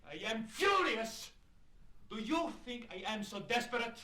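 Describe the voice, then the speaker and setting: A proud, passionate young Italian immigrant talks in a high, bright voice with an Italian accent. His pitch swings widely as he pleads and then flares up, and the scene has the feel of a film drama. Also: very animated, moderate pace, roomy sound, a little hiss or hum. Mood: furious. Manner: pleading, flaring into proud anger.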